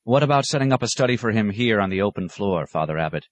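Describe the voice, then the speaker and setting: A man's voice: fairly low pitch, lively intonation, quick pace, dry recording, voice pushed up, lightly acted. Man doing an eager, hasty monk inventor.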